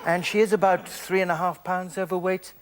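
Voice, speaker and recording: A man playing a callous male TV doctor with a matter-of-fact, deadpan expert delivery. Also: high voice, fairly quick, lightly acted. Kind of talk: sketch comedy.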